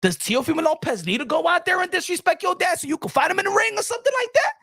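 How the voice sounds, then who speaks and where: A man hosts a boxing channel's live stream, ranting loudly and heatedly in profane street slang and repeating lines for emphasis. His voice is extremely high, sing-song, fast and gravelly, with clean studio sound and no room sound.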